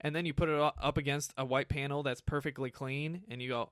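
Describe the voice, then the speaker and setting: A man's voice: medium pitch, steady tone, fast talker, a bit bright, no room sound, clean studio sound. A man hosting a casual film review, ranting with lots of swearing and frequent laughs. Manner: profane, ranting, laughs often. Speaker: movie review host.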